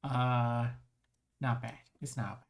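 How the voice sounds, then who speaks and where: A live streamer in casual chat, rambling and restarting phrases, voice strained with frequent throat clearing. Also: mid-range voice, fairly even intonation, slow pace, a little hiss or hum.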